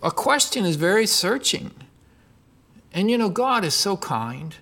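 A man's voice: high voice, measured pace. A middle-aged male pastor preaching a sermon, reading scripture aloud and asking his listeners questions. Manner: expressive preaching, voicing scripture and God's lines, asks the congregation questions.

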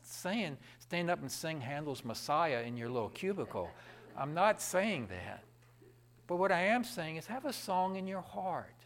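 With a high voice, a man preaches a sermon in a lively, conversational style, making asides to the congregation.

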